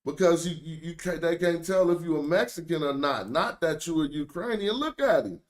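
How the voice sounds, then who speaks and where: Man, african american accent, slangy streamer commentary, joking, slightly high-pitched. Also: lively intonation, normal speed. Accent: African American English. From United States. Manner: loose, joking, slangy storytelling. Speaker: streamer host. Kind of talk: casual commentary.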